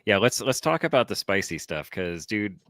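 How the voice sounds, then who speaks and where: A man's voice: lowish voice, very animated, moderate pace, a bit bright, dry recording, studio quality. A man co-hosting a podcast, laid-back and wry in casual chat. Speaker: podcast co-host.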